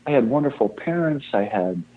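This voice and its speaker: Older man, fire chief guest, husky voice, rambling and self-deprecating, tinny phone-line sound. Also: mid-range voice, animated, brisk. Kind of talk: casual interview talk.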